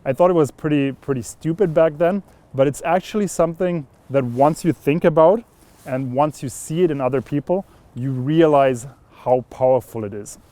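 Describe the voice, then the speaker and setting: A man's voice: fairly high pitch, moderate pace, warm tone, no echo. A young man coaching viewers straight to camera, upbeat and instructive as he explains a voice exercise. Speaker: voice and communication coach. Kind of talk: direct-to-camera teaching.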